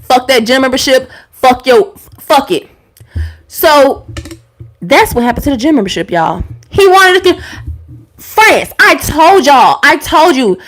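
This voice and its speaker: A woman's voice: high voice, measured pace, pauses often. Profane, ranting woman streamer. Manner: profane, animated, talks back to chat. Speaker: YouTuber and live streamer. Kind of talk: casual storytime rant to viewers.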